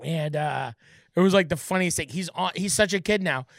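High, bright-voiced animated man. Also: moderate pace, creaky, no room sound, clean studio sound. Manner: animated storyteller, acts out voices loudly. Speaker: podcast co-host. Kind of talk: casual chat.

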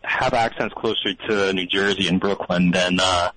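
A male caller from New Orleans with a lowish voice and a deadpan manner. He hesitates often and fills the pauses with ums. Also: dry recording, poor audio. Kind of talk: call-in radio chat.

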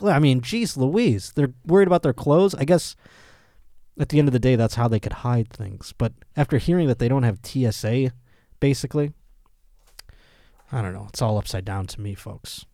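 A man's voice: medium pitch, darkish tone, no room sound, clean studio sound. Man hosting a laughing, crude news podcast. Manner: laughs often, crude jokes, mocking asides; puts on voices for quoted people. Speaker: podcast host. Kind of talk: casual comedic news commentary.

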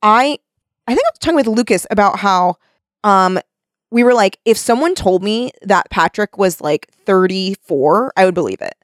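A woman hosting a podcast, talking in loose, animated chat that swings all over her range. Her voice sits close and dry on the mic, with no room sound. She swears freely and laughs easily. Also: mid-range voice, normal speed, no echo. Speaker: podcast host. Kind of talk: casual chat.

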